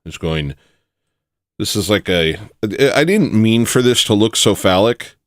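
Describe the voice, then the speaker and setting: A man hosting satirical commentary, rambling and joking with loud sudden bursts. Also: on the low side, lively intonation, unhurried, dry recording, studio quality. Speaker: commentary host.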